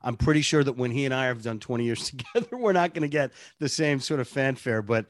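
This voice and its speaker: A man, a radio show producer, telling animated stories in casual interview chat and laughing often. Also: medium pitch, fast, no echo, clean studio sound.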